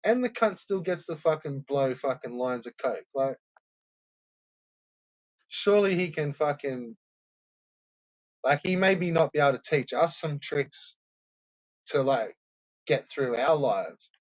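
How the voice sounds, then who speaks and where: Profane, rambling man, slightly high. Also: lively intonation, slow pace, pauses often, dry recording, dull audio. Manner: profane, rambling, laughs often. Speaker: commentator. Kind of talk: casual rambling commentary.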